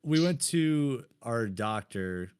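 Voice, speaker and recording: A man's voice: mid-range voice, expressive, slow pace, darkish tone, clean tone, no room sound, studio quality. A man in his thirties, co-hosting a podcast, telling childhood stories in a casual, blunt, self-mocking way with plenty of swearing. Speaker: podcast co-host. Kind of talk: casual storytelling chat.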